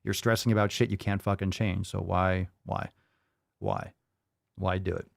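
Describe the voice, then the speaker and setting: Man hosting a fitness podcast, low voice, dry close mic, swearing, fired-up rants. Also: flat delivery, moderate pace, creaky, no room sound. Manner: profane, loud, hyped rants. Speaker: podcast host.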